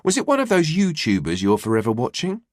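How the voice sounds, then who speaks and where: A man's voice: fairly high pitch, huge pitch swings, quick pace, no room sound, studio quality, voice pushed up. A man doing a teasing, affectionate mother. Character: warm tired mother, adult woman. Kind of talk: audiobook dialogue.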